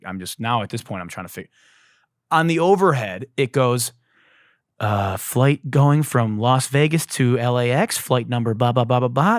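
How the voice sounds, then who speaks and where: A man hosting a podcast, telling a comic story as a profane, exasperated rant that bursts into shouting. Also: mid-range voice, no echo, studio quality. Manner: profane, exasperated, animated ranting with shouted outbursts. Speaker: podcast host.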